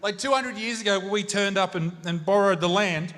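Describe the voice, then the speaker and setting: A man's voice: high voice, a little fast, fairly bright tone, a little hiss or hum. A man with an Australian accent performing a stand-up comedy set on stage in front of a large crowd, with a brash, crude and punchy delivery. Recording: live show in a reverberant hall.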